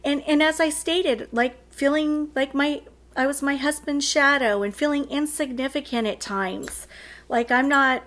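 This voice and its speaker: A woman's voice: sits high, unhurried, fairly bright tone. A woman hosting her own channel, earnestly telling a heartfelt personal story with many "like" fillers. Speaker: channel host.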